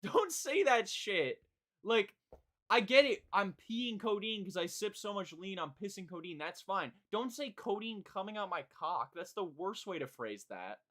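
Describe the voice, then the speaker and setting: A man live-streaming his reaction to a song, with blunt, exclaiming comments and quick critical asides. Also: sits high, expressive, bright, forceful tone.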